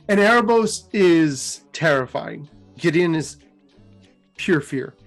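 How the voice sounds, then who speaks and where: High-voiced man retelling lore. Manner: animated storytelling. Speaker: host.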